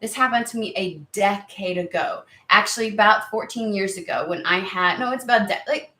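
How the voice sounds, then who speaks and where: A woman's voice: mid-range voice, fairly quick, bright, forceful tone, echoey room. A woman giving a casual tarot reading to camera, chatty and rambling, easily sidetracked. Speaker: tarot reader.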